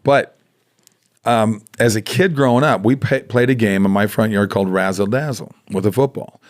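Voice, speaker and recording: An American man in his sixties, a guest in casual chat, telling animated stories and acting out the voices of people he quotes. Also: on the low side, normal speed. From United States.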